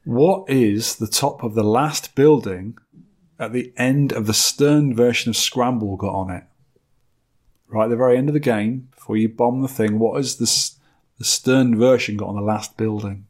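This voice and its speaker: A man hosting a laid-back podcast, with a slightly husky voice. He talks teasingly, like a quizmaster ribbing a friend. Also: medium pitch, moderate pace, darkish tone. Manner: teasing quizmaster, reads listener mail aloud. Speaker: podcast host. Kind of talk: casual podcast chat and letter reading.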